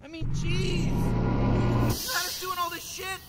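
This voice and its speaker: Whiny stammering teen boy in a game, very high-pitched. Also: flat delivery, takes it slowly, very noisy. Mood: exasperated. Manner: stuttering, whiny, repeats words. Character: anxious stammering teenage boy sidekick. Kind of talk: video game character dialogue.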